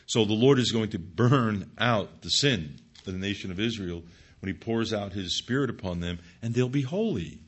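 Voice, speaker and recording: Man, Bible teacher, emphatic sermon delivery, deep-ish husky tone. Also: lively intonation, normal speed. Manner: emphatic, addresses listeners as folks, reads scripture aloud.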